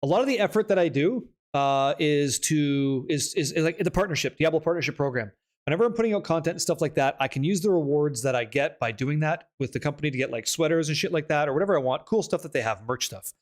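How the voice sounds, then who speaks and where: A young man hosting a live stream, reading chat aloud and joking in a casual, hyped way with some swearing. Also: on the high side. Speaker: streamer host.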